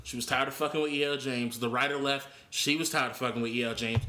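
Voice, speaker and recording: A man co-hosting a podcast in casual chat, animated, opinionated and profane. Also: medium pitch, quick pace, roomy sound, slight background noise. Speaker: podcast co-host.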